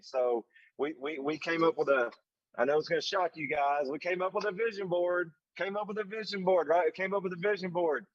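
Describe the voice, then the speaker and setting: A man with a lilt, his voice sitting a little high, delivering an emphatic, folksy motivational talk. He drives points home by repeating himself. The sound is dry and slightly dull. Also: fairly quick, no room sound. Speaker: leadership summit speaker. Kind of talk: motivational speech.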